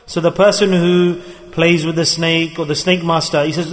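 A man with a fairly high voice gives a sermon in a mosque, telling everyday stories and acting out the voices of the people in them. His voice rings with a long reverb from the hall. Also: fairly even intonation, fast. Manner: storytelling, acts out quoted voices. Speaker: religious teacher. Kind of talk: sermon with acted examples.

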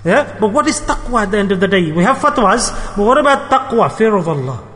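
A man preaches with urgency and emphasis, driving points home by repeating his phrases. His voice sits high and rolls fast. It carries a long reverb, as in a big hall. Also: big pitch swings, a bit bright. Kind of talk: sermon.

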